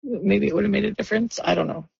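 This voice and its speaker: A woman speaking in a radio interview, near tears, halting and emotional with nervous laughs. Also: mid-range voice, creaky, darkish tone, breathy edge, no room sound, lo-fi sound. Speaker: interviewee, friend of a victim.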